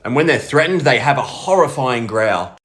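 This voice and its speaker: A man's voice: mid-range voice, lively intonation, moderate pace, fairly bright tone, a little hiss or hum. Aussie guy swearing his way thru funny countdowns, bouncy up and down delivery. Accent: Australian. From Australia. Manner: brash and sweary, slangy. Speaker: comedy content creator. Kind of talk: comic countdown commentary.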